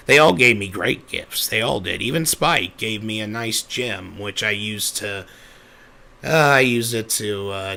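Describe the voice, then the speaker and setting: A man voicing a rough, uneducated, big-hearted young male pegasus, telling his own backstory in a rambling, self-correcting, easily flustered way. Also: lowish voice, bright, forceful tone, full character voice. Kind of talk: in-character storytelling.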